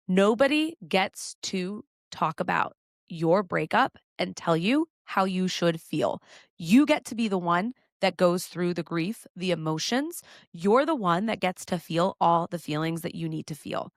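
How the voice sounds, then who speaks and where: A young adult woman hosts her own podcast and talks straight to the listener about heartbreak. She is blunt and swears freely, and she often slips into the worried inner voices of her audience. Her voice sits at a middle pitch, and the recording is close and dry with no room sound. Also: a bit bright, no echo. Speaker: podcast host giving dating advice. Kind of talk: candid advice monologue.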